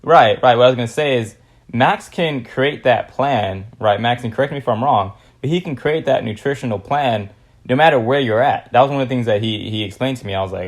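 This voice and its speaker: A man's voice: mid-range voice, lively intonation, a little fast. A young man from California hosting a casual podcast interview, laid-back and slangy with lots of fillers. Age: young adult. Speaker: podcast host.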